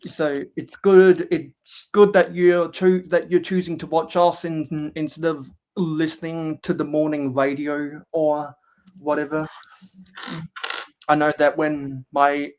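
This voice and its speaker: A man's voice: fairly high pitch, flat delivery, slow pace, darkish tone. A man hosting a casual livestream while building LEGO. He talks hesitantly with many fillers and reads viewers' chat aloud. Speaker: livestream host.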